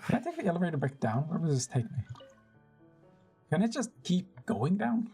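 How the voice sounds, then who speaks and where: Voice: medium pitch, sing-song, dark tone, soft background music. A young-adult streamer chatting with viewers over live gameplay, teasing them, laughing a lot and swearing casually. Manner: chatty, teasing and quick to react.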